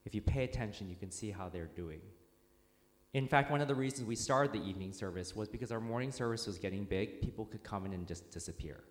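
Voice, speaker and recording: Low-voiced male pastor in echoey church. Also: fast. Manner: informal, storytelling with fillers and restarts. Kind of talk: conversational sermon. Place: church sanctuary. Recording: echoey hall with long reverb.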